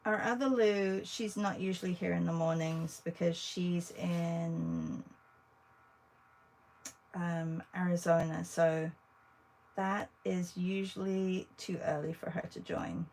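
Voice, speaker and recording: Host: chatty woman art teacher, unhurried delivery, a bit of vocal fry, talks to viewers while she draws. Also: lowish voice, steady tone, a little mellow, slight background noise, poor audio. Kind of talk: casual livestream drawing demo.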